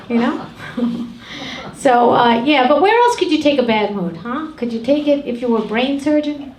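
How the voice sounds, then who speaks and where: A woman's voice: on the high side, lively intonation, moderate pace. A middle-aged woman doing a brash, profane stand-up set on a comedy club stage. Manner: brash, profane, ranting delivery. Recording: echoey club with loud crowd.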